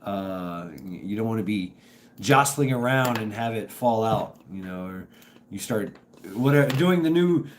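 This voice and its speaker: A middle-aged man with a strained, hoarse voice, hosting a casual live stream and rambling, halting as he greets viewers by name. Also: lowish voice, expressive, slight background noise. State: strained voice from dusty work.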